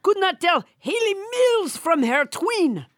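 A woman voicing a blustering, vain male hand-puppet president with a put-on French accent, shouting and petty. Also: very high-pitched, very animated, slow pace, no room sound, studio quality, voice pushed up, full character voice.

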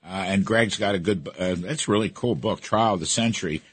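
A male radio talk show host, chatty and halting, full of uhs as he introduces guests and asks questions. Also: lowish voice, husky.

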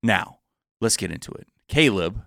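A man's voice: fairly low pitch, lively intonation, normal speed, vocal fry, pushed and bright, dry recording, studio quality. A man hosting a casual comedy podcast, loose and playful, swearing freely. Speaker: podcast host.

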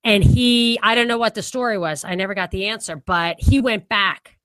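A woman co-hosts a podcast, rambling casually through political ideas, restarting often and laughing easily. Her voice is mid-range with a fairly bright tone, she speaks at normal speed, and there's no echo.

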